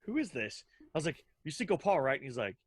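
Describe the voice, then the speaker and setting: Higher-voiced man telling rambling stories. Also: very animated, fast, breathy edge, no room sound. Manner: rambling, lots of fillers and acted-out quotes. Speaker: podcast co-host. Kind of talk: casual storytelling chat.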